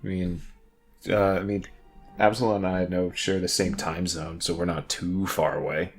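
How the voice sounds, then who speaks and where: A man's voice: deep voice, flat delivery, moderate pace, soft background music. A man co-hosting a casual gaming podcast, rambling and laughing, swearing freely. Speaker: podcast co-host.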